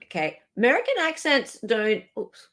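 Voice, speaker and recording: A woman with an Australian accent hosting a casual live stream, chatting and joking with quick asides. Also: fairly high pitch, wildly swooping pitch, a bit bright. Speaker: livestream host.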